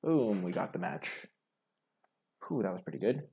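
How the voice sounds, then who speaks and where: A young man with a very low, gravelly voice that has a husky edge, chatting casually through his own card game. He thinks aloud and picks apart his own plays as he goes. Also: lively intonation, normal speed, pauses often, warm tone, dull audio. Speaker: gaming streamer. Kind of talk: casual gameplay commentary.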